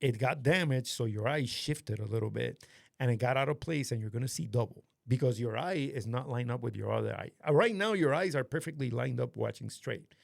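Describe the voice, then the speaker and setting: A man host casually telling a story to a friend, animated and swearing often, acting out what others said. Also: medium pitch, a little fast, vocal fry, no echo, clean studio sound. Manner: animated, swears a lot, acts out quoted voices. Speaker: podcast host.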